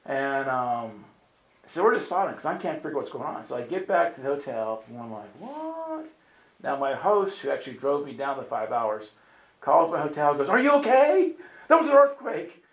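A male preacher tells a long story to a gathered crowd, switching into character voices as he goes. His voice sits at an ordinary middle pitch. The hall around him is roomy and echoing. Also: fairly quick. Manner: animated storyteller acting out voices. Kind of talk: storytelling sermon. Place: meeting room with audience.

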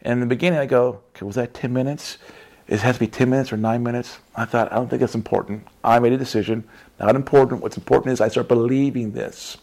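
A man's voice: medium pitch, fairly even intonation, quick pace, vocal fry, a little mellow. A man preaching in a casual storytelling way, chatty and laughing often, with frequent tag questions.

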